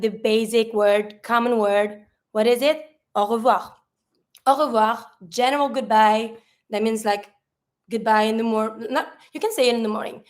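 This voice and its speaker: A woman, a native French speaker, teaching French greetings in a chatty way, asking herself questions and answering them. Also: a little high. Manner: sprinkles fillers like "like".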